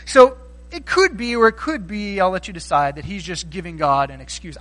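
A man's voice: high-pitched, moderate pace, a bit bright, poor audio. A man preaching a sermon in a conversational way, acting out the voices he quotes. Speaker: pastor.

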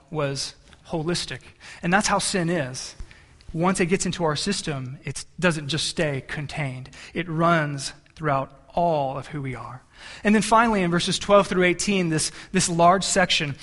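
A man's voice: sits high, fairly bright tone. A male pastor preaching a sermon in a conversational, storytelling way, with frequent restarts and asides to the congregation. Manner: many restarts and repeated words.

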